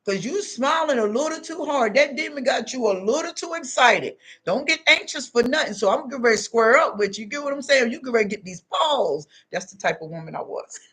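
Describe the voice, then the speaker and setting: A woman's voice: on the high side, lively intonation, a little fast, few pauses, a bit bright, slightly rough. A woman giving spiritual advice in a casual, unscripted monologue, blunt and confrontational, full of street slang and talking straight to the listener. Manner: talks straight to the listener with many tags like "you know what I'm saying".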